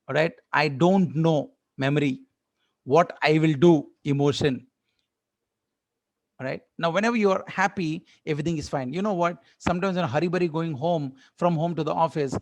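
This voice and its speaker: Animated man giving a motivational talk. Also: fairly high pitch, no room sound. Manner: animated, repeats "my dear friends", acts out everyday scenes. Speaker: guest speaker at a club event. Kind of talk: motivational talk over a video call.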